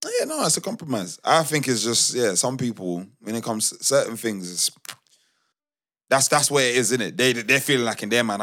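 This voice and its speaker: A young man co-hosting a podcast, talking in a relaxed way and dropping "innit" and "yeah" into his sentences. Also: on the low side, moderate pace. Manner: relaxed and conversational, fills speech with "innit" and "yeah". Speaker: podcast co-host. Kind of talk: casual chat.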